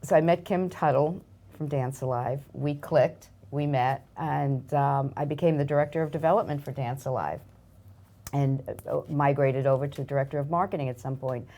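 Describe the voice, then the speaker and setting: An older woman speaks in a strong New York accent with a low voice. She talks in a chatty, effusive way, and she makes light of herself. She sounds like a relaxed interview guest. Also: normal speed. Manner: chatty, self-deprecating, warm and effusive. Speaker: guest, arts nonprofit marketing director. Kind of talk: casual interview chat.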